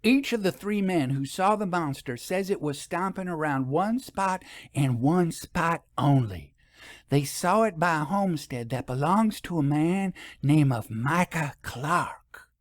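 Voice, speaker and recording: A man's voice: fairly high pitch, lively intonation, unhurried, no echo, studio quality, pitched above the performer's own voice. A man voicing a chatty, folksy rural woman who drops her voice to confide. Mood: confiding.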